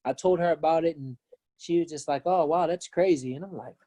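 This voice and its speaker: A man, a pastor guest, telling a personal story in earnest, lively casual conversation. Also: fairly high pitch, brisk, dry recording. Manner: earnest, animated when retelling.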